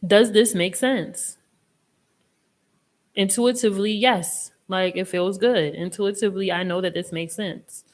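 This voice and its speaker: A young woman hosting a casual live tarot reading, chatty and expressive, with a reassuring tone and casual swearing. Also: lowish voice, slow pace, few pauses. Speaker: tarot reader and live stream host.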